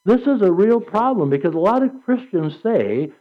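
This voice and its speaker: A man preaching a sermon with an animated delivery, reading scripture aloud and acting out quotes. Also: high-pitched, moderate pace, hardly any pauses. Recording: dull lo-fi recording.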